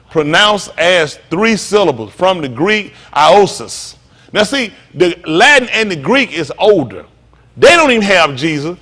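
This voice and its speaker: A man's voice: high-pitched, fairly bright tone. A male pastor preaching a sermon in a blunt, heated, mocking way, swearing freely.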